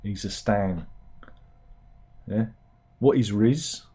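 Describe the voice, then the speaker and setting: Here the British satirical news host speaks extremely slowly in a fairly low, mellow, husky voice. He muses to himself in a rambling, wry way, stumbling through fillers and restarts.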